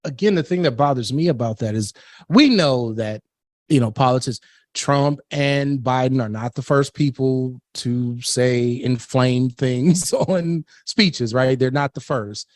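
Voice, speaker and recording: A man's voice: medium pitch, unhurried, a little mellow, no room sound. A man hosting a political talk radio show, blunt and opinionated, laughing between his points.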